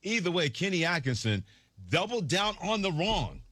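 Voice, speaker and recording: A man's voice: high-pitched, big pitch swings, normal speed, a bit bright, no echo. A man hosting a sports radio show, delivering a sarcastic, theatrical monologue.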